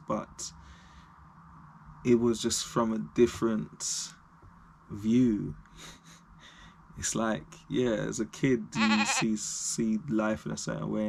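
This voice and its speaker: Man, reflective vlogger; unhurried, creaky delivery, stream-of-consciousness talk. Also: lowish voice, a little hiss or hum. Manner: reflective, rambling, laughs at himself. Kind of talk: unscripted talk to camera.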